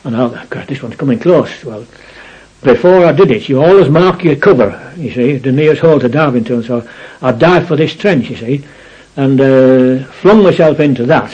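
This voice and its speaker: A man's voice: mid-range voice, lively intonation, brisk, a little mellow, husky, lo-fi sound. An older man recounting his war memories in a rambling storytelling way, often adding "you see". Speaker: war veteran interviewee.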